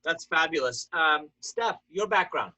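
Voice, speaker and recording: A man's voice: fairly high pitch, lively intonation, a little slow, pushed and bright. A man hosting an interview, welcoming guests in a chatty way. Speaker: host.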